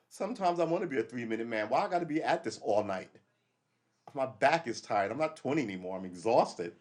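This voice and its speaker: A man's voice: medium pitch, expressive, moderate pace, pauses often, a little mellow. A middle-aged man, a retired police officer who hosts a casual livestream and talks bluntly, swears freely and often laughs. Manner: blunt, profane, laughs often, restarts a lot.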